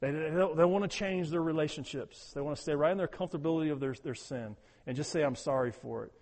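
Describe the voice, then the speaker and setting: A man preaching a sermon as pastor, talking with emphasis, repeating words, and moving between loud urging and quiet prayerful tones. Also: fairly high pitch, quick pace, in a large hall.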